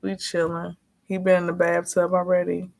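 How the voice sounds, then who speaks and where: A woman chatting casually as a vlogger, frank and animated, acting out quotes as she tells her story. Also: lowish voice, normal speed, vocal fry. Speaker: notary and vlogger.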